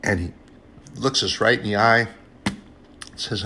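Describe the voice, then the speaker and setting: A man's voice: on the low side, measured pace, sharp tone, slight background noise. A man preaching an informal sermon in an earnest, conversational way, often repeating phrases and addressing brothers and sisters.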